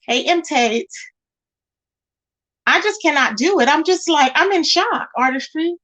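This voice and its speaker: Woman livestream host, high voice, chatty and emphatic, reads comments and greets viewers. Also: animated, unhurried, a bit bright. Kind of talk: casual livestream chat.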